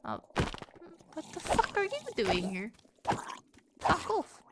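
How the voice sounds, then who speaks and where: A woman's voice: medium pitch, sing-song, a little slow, very noisy. A woman streaming a game live, chatting casually with her viewers, teasing and swearing freely. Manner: swearing, teasing and chatty, talking to chat and a pet. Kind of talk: casual live-stream chat while gaming.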